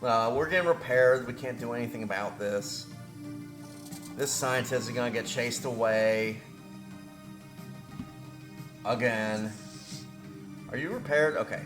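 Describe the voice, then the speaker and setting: A man's voice: mid-range voice, unhurried, pauses often, roomy sound, over music. A man hosting a let's play, rambling through his moves and griping about the game in a self-deprecating way. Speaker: gaming video host.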